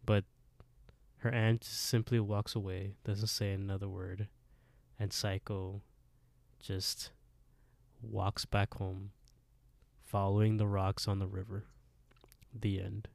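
A man's voice: fairly low pitch, little pitch movement, takes it slowly, creaky, pauses often, darkish tone, no echo. A man co-hosting a podcast, animatedly retelling a story in casual chat and laughing often. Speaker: podcast co-host.

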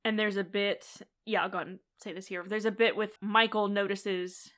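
A woman co-hosting a podcast, recapping a TV episode in casual chat with quick, animated, giggly retelling. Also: mid-range voice. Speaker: podcast co-host.

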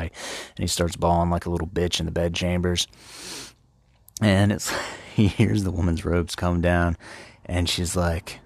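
A man with a very deep, gravelly voice retells old literature in a profane, irreverent comic style. The sound is dry and close, with no room around it. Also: monotone, normal speed, no room sound. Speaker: host.

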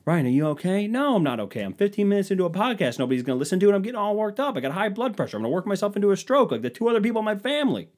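A young man hosting his own podcast, ranting in a worked-up way that swings from loud outbursts to low mutters. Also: very animated, rapid-fire, hardly any pauses. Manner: worked-up ranting, swinging between shouting and mumbling. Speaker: podcast host. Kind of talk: solo podcast rant.

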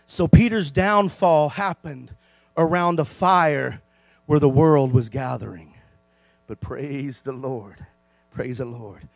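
A man preaching a sermon as pastor, calling for amens and swinging between hushed, low passages and loud, rising ones. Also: slow, creaky, dry recording.

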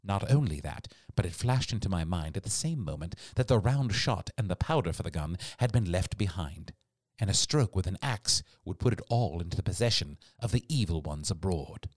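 Low-voiced man narrating expressively. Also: moderate pace, no echo, studio quality. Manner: expressive storytelling read. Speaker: audiobook narrator. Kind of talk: scripted narration.

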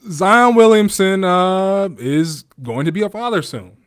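A man's voice: high-pitched, unhurried, smooth, dry recording. A man in his twenties hosting a casual podcast. He tells stories animatedly, with frequent restarts. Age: 20s. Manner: animated, excitable storytelling with repeated restarts. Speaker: podcast host. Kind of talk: casual chat.

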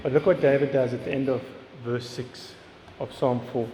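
A man's voice: mid-range voice, fairly even intonation, normal speed, dark tone, slight background noise. A man preaching a sermon in an earnest way, often repeating words and asking questions. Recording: echoey hall with long reverb, faint ambience.

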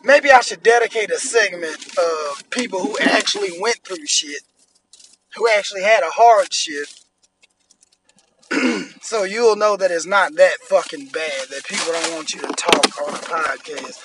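Man, thirties, podcast host, profane blunt rant, high voice, faint background hiss. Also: a little slow, a bit bright, rough recording. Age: 30s. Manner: profane, blunt, annoyed ranting.

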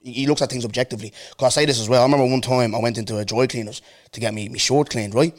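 A man hosting a podcast, telling stories in casual chat with animated asides. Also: mid-range voice, rapid-fire. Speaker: podcast host.

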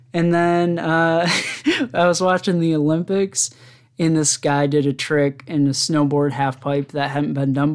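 A man's voice: a little high, smooth. A man hosting his own podcast alone, telling rambling stories in casual chat and often laughing at them. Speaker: podcast host.

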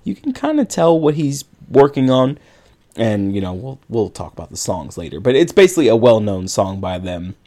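A man's voice: medium pitch, sing-song, normal speed, warm tone. A man co-hosting a podcast, casually retelling a film's plot in a rambling way with lots of filler words. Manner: rambling retelling with many likes and you-knows. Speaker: podcast co-host. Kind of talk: casual movie recap.

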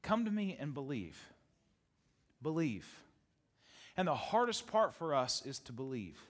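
High-voiced laughing male preacher. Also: a little slow. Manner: animated preaching, repeats phrases, laughs often. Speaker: pastor. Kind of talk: sermon. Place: church sanctuary with congregation.

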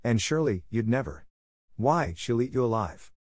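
A man's voice: medium pitch, animated, moderate pace, no echo, clean studio sound, natural voice. A man voicing a loyal, spirited young girl who speaks frankly, a little scornfully.

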